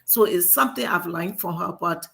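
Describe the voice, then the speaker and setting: A woman from Liberia speaking as a panelist on a live talk show, animated and quick to laugh. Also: on the low side, gravelly.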